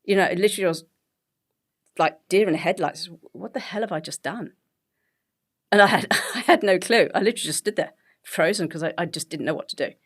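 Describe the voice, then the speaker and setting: A woman in her forties from England with a BBC-style English accent, telling her story as an interview guest with animated, laughing delivery. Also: fairly low pitch, fast talker. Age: 40s. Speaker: guest, health coach. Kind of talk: conversational interview.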